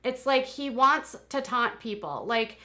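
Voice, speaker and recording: Bright-voiced woman hosting a live commentary. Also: a little high, lively intonation, measured pace. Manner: chatty, exasperated asides. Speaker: commentary channel host.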